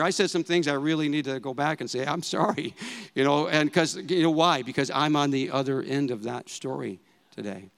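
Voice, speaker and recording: A man's voice: a little high, normal speed, creaky, a bit bright. A man in his fifties preaching a sermon in a conversational way, repeating phrases for emphasis. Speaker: pastor. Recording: long hall reverb.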